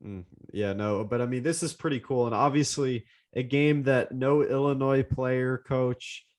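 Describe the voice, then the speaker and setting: A man's voice: medium pitch, fairly even intonation, measured pace. A young man co-hosting a sports podcast, casually steering the talk to the next topic with enthusiasm. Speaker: podcast co-host.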